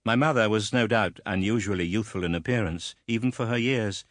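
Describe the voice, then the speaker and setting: A man narrating a classic novel in a measured, expressive storytelling manner. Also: on the low side, no echo, studio quality. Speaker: audiobook narrator.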